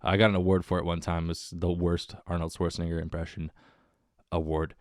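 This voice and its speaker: Male podcast host, solo casual chat, wired and self-mocking; smooth voice, dry close sound. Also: sits low, flat delivery, fairly quick, a little mellow, no echo. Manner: rambling, self-mocking and jokey. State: wired on coffee.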